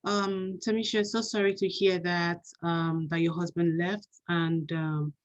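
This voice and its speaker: A woman acting as a counselor in a role-play session. She speaks gently and haltingly, with many fillers and restarts. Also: lowish voice, little pitch movement, dull audio. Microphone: video call.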